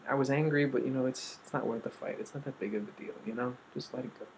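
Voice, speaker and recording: A man earnestly telling a personal story, acting out quotes and trailing off into soft asides. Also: medium pitch, steady tone, fast, gravelly, slight background noise, low-quality recording. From United States. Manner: earnest, quoting others with shifts of voice, trailing off softly.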